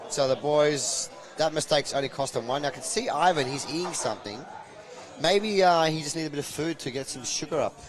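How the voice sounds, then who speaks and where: A man hosting live pool commentary from a commentary box, chatty and playful, with shout-outs to viewers. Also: a little high, a little fast.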